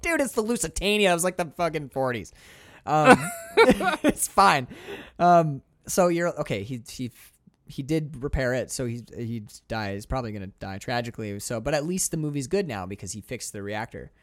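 A man casually recapping a film in a profane, animated way, acting out its characters. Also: medium pitch, normal speed, no room sound, studio quality. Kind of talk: casual movie recap chat.

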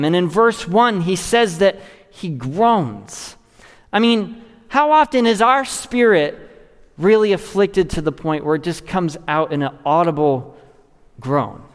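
Male pastor, earnest sermon delivery, slightly high voice, long church reverb. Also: clear, resonant tone. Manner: earnest, rising to stress and dropping low to close a thought. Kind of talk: expository sermon.

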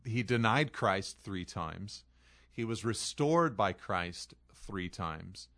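Speaking slowly and expressively, this pastor has a lowish voice with a fairly bright tone. In his expository sermon he reads a scripture passage aloud and then earnestly unpacks it, pressing heavily on key phrases.

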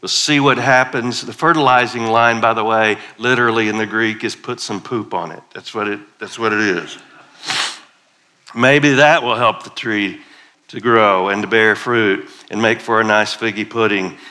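Man preaching, bright tone, playful and conversational, middle-aged. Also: fairly low pitch, fairly even intonation, normal speed. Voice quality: playful, conversational, leads congregation in call-and-response. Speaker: guest preacher. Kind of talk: sermon.

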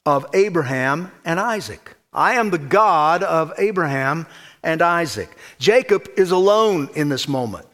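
Guy preaching a sermon, kinda high voice, punches words then drops real quiet. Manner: emphatic, swinging from loud stresses to quiet low asides. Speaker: pastor.

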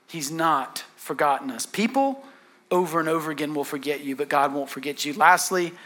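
Male pastor, high bright voice, earnest animated preaching. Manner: earnest and animated, repeats words for emphasis. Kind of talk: sermon.

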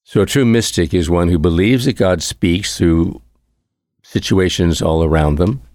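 A man's voice: deep voice, measured pace, a little mellow, no room sound, clean studio sound. A male priest delivering a conversational homily, reflective in tone and repeating his key phrases for emphasis.

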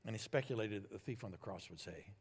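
A male pastor delivering a sermon, emphatic, swinging between loud stresses and hushed lines. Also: lowish voice, fast, breathy edge, in a large hall.

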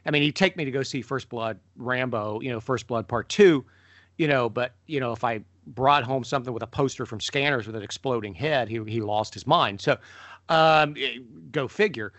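A middle-aged man co-hosting a podcast, telling stories in a lively way and jumping up in pitch when he mimics people. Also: moderate pace, no echo. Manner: animated storyteller, mimics voices with sudden pitch jumps. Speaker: podcast co-host. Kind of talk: casual conversation.

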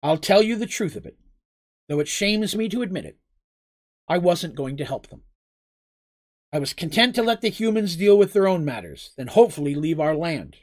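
Earnest, proud gully king and father, read by a man in his own voice; animated delivery. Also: fairly high pitch, moderate pace, pauses often, lightly acted. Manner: earnest, letter read in a plain voice.

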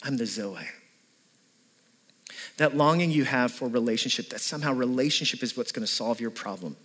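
A man's voice: mid-range voice, fast, fairly bright tone. A man preaching a sermon as a pastor, in a loose conversational way full of "like" and "right?". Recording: long reverb of a hall.

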